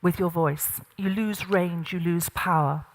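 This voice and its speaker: A woman's voice: fairly low pitch, steady tone, measured pace. A middle-aged woman leading an interactive workshop, giving directions and demonstrating exercises to a group in a large room. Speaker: voice and presence coach. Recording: long reverb of a large hall.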